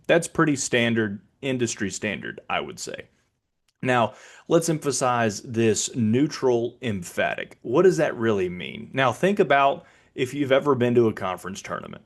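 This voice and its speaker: A man who works as a basketball public address announcer, explaining his craft in a conversational, step-by-step way. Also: mid-range voice. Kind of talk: explanatory video talk.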